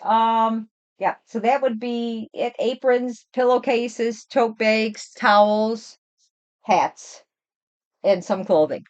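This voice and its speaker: An older woman and grandmother hosting a casual livestream chat, rambling and animated as she tells stories from home. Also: fairly high pitch, slow pace, no echo, lo-fi sound. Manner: chatty, rambling, animated storytelling. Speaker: livestream host.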